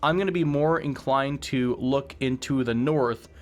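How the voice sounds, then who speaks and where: A man's voice: mid-range voice, unhurried. Rambling man narrating his strategy game. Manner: rambling, thinking aloud with frequent restarts. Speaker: gaming channel host. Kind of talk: let's play commentary. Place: home room with air conditioner running. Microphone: sensitive desk microphone. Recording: faint air conditioner hum. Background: faint air conditioner hum.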